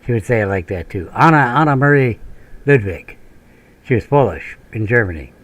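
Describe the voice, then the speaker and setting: A man's voice: mid-range voice, lively intonation, normal speed, a bit bright, dry recording. Rambling, cursing man on a game stream. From northern Minnesota, USA. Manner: meandering, profane storytelling with frequent laughs and tangents. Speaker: gaming channel host. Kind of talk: rambling commentary during gameplay.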